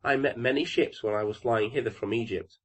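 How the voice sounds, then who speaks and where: A man voicing a wise old male stork in a storybook reading, measured and thoughtful. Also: mid-range voice, lightly acted. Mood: musing.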